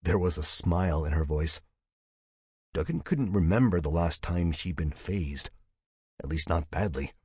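Deep, husky male audiobook narrator. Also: a little slow, a little mellow, no room sound, clean studio sound. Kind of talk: scripted sci-fi narration.

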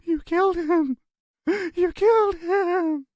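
A man voicing a panicked, sobbing male kidnapper who yells and wails in a high, frantic voice. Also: slow pace, dry recording. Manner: high frantic yelling and wailing.

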